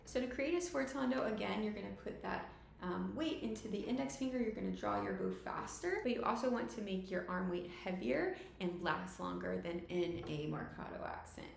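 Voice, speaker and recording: A woman teaching violin, explaining each technique clearly and step by step. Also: mid-range voice, big pitch swings, moderate pace, few pauses, reverberant, a little hiss or hum. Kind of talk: instructional tutorial.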